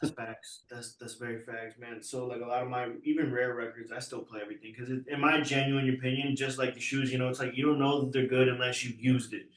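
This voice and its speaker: A man guesting on a podcast in casual chat, laid-back and often dropping to a low, quiet voice. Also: little pitch movement, fast talker, few pauses, recorded from a distance. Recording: roomy and off-mic.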